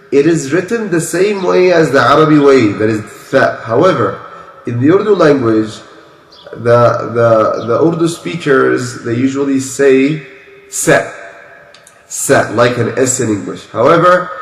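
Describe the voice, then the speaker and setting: A man teaching Quran recitation at a slow, unhurried pace, his voice sitting in the middle range. He explains each sound patiently and repeats it several times to demonstrate. The recording has a noticeably echoey room sound. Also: medium pitch. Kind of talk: pronunciation lesson.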